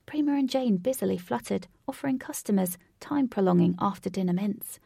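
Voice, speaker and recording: A woman narrating a storybook, unhurried, now and then dropping to a whisper. Her voice is mellow and gravelly with a husky edge. The recording is dry and close. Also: mid-range voice, animated, dry recording.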